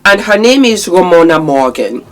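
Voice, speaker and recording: A woman's voice: on the low side, big pitch swings, moderate pace. Emphatic woman hosting a commentary vlog. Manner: emphatic, addresses viewers as darlings. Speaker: commentary channel host.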